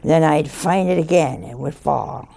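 An older woman telling a story in a slow, folksy way, chuckling as she goes. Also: low voice, vocal fry, mellow. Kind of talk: storytelling talk.

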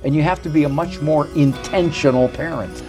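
A man's voice: a little high, a little fast, darkish tone, soft background music. A man, an author being interviewed on radio, speaking about parenting in an emphatic, plain-spoken way.

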